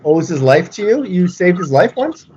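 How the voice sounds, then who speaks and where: A man's voice: high voice, big pitch swings, normal speed, darkish tone. A man hosting an interview, asking questions in a friendly, hesitant way. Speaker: interviewer host. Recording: dull lo-fi audio with faint noise.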